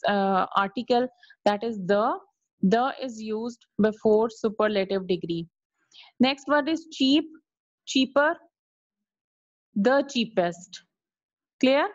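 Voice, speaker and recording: A woman teacher giving an online grammar lesson, explaining slowly and repeatedly asking if it is clear. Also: on the high side, dry recording. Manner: slow, repetitive explaining, checking in with "clear?". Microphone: video call. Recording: dull lo-fi video call audio.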